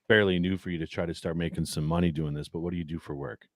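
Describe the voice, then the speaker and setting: A man's voice: deep voice, fairly even intonation, quick pace, dry recording. A man hosting a podcast who asks his guest casual questions. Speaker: podcast host.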